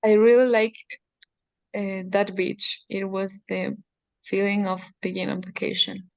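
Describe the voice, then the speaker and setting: A woman's voice: medium pitch, flat delivery, measured pace, gravelly, no echo. A woman answering in an English class, reading sentences carefully and tentatively. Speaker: language student.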